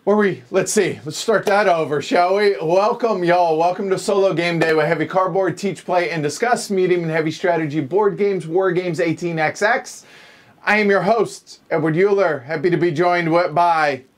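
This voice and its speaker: Chatty man hosting a game stream, slightly high. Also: normal speed. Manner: chatty, rambling, restarts lines; folksy, says y'all. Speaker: board game show host. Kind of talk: casual live-stream intro chat.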